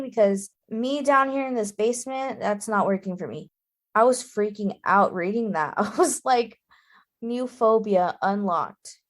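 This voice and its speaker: A woman co-hosting a relaxed book-club chat. She talks emphatically and punches her reactions with exclamations. Her pitch sits in an ordinary middle range. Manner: emphatic and exclamatory, quick to get indignant. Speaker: podcast co-host.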